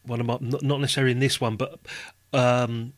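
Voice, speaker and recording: A man chatting casually about an old radio comedy, mid-pitched and rambling, often restarting his sentences and filling gaps with "you know". The sound is close and dry, with almost no room around his voice. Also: little pitch movement, a little fast, dry recording. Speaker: podcast guest. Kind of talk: casual chat.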